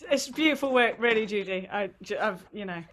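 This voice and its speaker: A woman's voice: medium pitch, a little fast, a bit bright. A woman with an English accent, leading a folk singing group from her living room, chatty and rambling with laughing asides. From England. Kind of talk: casual chat between songs.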